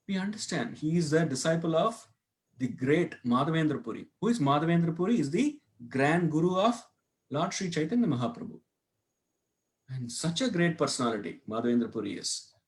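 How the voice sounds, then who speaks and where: A man teaching a devotional scripture class, telling a story and asking his listeners questions as he goes. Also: fairly high pitch. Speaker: class speaker. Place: temple hall.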